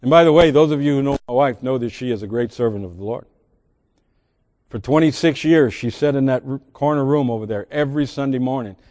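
A man's voice: mid-range voice, warm tone, in a large hall. A man preaching a sermon as pastor, reading scripture aloud with emphatic swells and sudden drops. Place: large church sanctuary.

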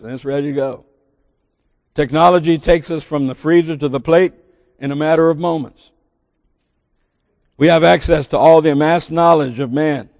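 A man's voice: on the high side, darkish tone, dry recording, clean studio sound, big-room sound. A middle-aged man with a Southern drawl preaching a sermon in a church, earnest and building to emphatic bursts with folksy asides.

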